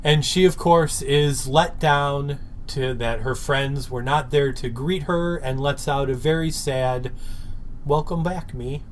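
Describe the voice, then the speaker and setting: A man's voice: medium pitch, slow, few pauses, slight background noise. Easygoing man co-hosting a podcast. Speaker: podcast co-host. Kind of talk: casual recap chat.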